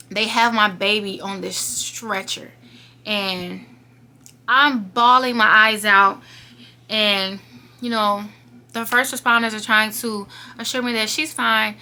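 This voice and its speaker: A young woman speaks right to her viewers in a home vlog, earnest and close to tears as she tells a hard story. Her voice is bright and forward, with a faint hiss and room sound under it. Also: medium pitch. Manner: earnest, emotional, talking straight to viewers. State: holding back tears. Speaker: YouTuber telling a personal story. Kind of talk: emotional storytime monologue.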